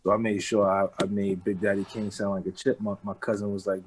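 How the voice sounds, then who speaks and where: A man in his thirties with a New York accent, talking casually and rambling a little in a relaxed interview, dropping street slang. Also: on the low side, fairly quick, few pauses, a little hiss or hum, rough recording. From the Bronx, New York. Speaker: rapper, interview guest.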